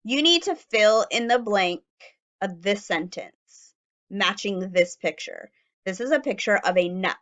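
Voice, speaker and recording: A woman teacher giving a phonics lesson to young children, sounding out letters slowly and clearly. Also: mid-range voice, animated, a bit bright.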